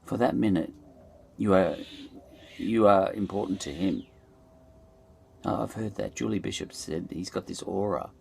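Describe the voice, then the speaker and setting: A man's voice: deep voice, a little slow, gravelly, pauses often, darkish tone, a little hiss or hum. A middle-aged Australian man musing aloud in a loose, digressive monologue, full of fillers and restarts. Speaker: podcast host. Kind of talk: rambling reflective monologue.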